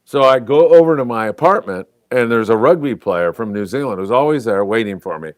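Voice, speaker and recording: This man in his sixties runs a relaxed fishing talk show where he shares stories, jokes around, and reads comments from his audience. He speaks briskly and expressively in a mid-range voice, recorded with no room sound.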